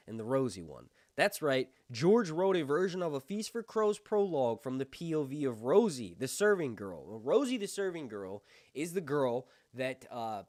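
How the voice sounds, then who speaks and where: A male review-channel host speaking in an excited fan-commentary style. His pitch swings widely as he talks. The sound is close and dry, with no room around it. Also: no room sound. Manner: enthusiastic, quick to exclaim. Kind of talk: excited fan commentary with read-aloud passages.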